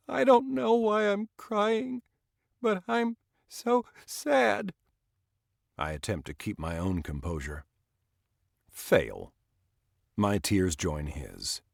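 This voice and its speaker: A male audiobook narrator reads a first-person book in a measured, expressive way. His voice is lowish, and the studio-quality recording has no room sound.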